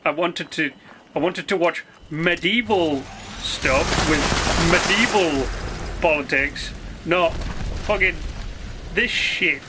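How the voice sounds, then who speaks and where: A man's voice: on the high side, takes it slowly, noisy background. A man ranting casually on a live game stream, swearing freely, rambling and restarting his sentences. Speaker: gaming streamer.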